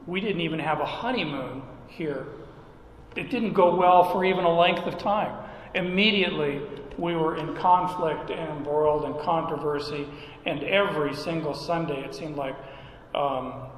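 A man's voice: a little high, a little hiss or hum. Folksy preaching man, echoey hall. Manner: conversational, folksy, with chuckles and emphatic repeated questions. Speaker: pastor. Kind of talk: sermon. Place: church sanctuary. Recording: echoey hall with long reverb.

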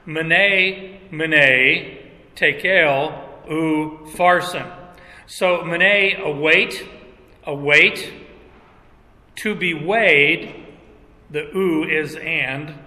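A middle-aged man preaching a sermon, talking slowly and haltingly, with restarts and small chuckles. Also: fairly high pitch, pushed and bright. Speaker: pastor. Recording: long hall reverb.

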